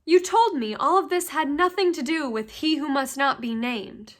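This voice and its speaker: A woman's voice: high voice, moderate pace, close to an everyday voice. A woman reading the lines of a young boy wizard, with her own voice kept plain and dry.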